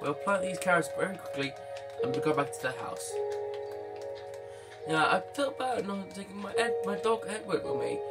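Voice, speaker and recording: A man hosting a let's play, chatting to viewers and his pet and exclaiming excitedly at what happens in the game. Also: high voice. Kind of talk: gaming commentary.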